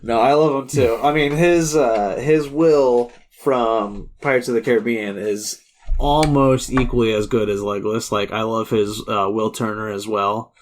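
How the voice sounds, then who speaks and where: A man's voice: mid-range voice, fairly even intonation, measured pace, a little hiss or hum. A man co-hosting a casual film podcast with an ordinary mid-range voice. He talks enthusiastically and loosely, with plenty of "like" and restarts as he gushes about the movies. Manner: enthusiastic, chatty, full of "like" and restarts. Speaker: podcast co-host. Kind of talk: casual movie review chat.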